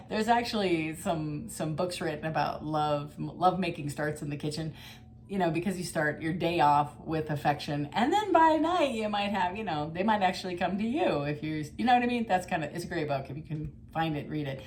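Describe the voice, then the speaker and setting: A middle-aged woman with a slightly low voice chats her way through a tarot reading. She is blunt and rambling, dropping the odd swear word, and a faint background hum sits under her voice. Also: normal speed. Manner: chatty and blunt, with mild swearing and frequent laughs. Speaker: tarot reader. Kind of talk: casual tarot reading monologue.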